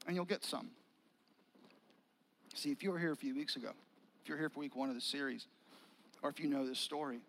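A male pastor telling a story to his congregation in a loose, conversational sermon. His voice sits high for a man, and he stays animated, bringing in jokes and acting out the lines of the people in the story. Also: rough recording.

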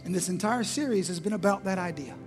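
A man's voice: high voice, quick pace, music in the background. A male pastor preaching a sermon in an emphatic, repetitive, rhetorical style.

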